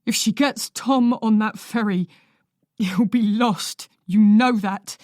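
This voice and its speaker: A woman reading a desperate, reckless man who pleads and insists, a little higher and louder than her narration. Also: takes it slowly, dry recording, clean studio sound, close to an everyday voice.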